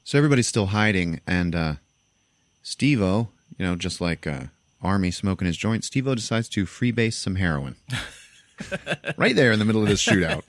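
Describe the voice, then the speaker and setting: This young host, deep-voiced and expressive, recaps a movie scene by scene on a relaxed podcast, jumping into high voices to play the characters. He moves at a moderate pace, and the sound is close and dry with no echo.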